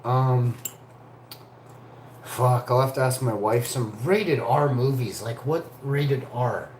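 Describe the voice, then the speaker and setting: A man's voice: mid-range voice, slow pace, a little mellow, roomy sound, slight background noise. A man in his forties from Canada, rambling profanely through stories as a livestream host. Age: 40s. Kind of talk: rambling casual monologue.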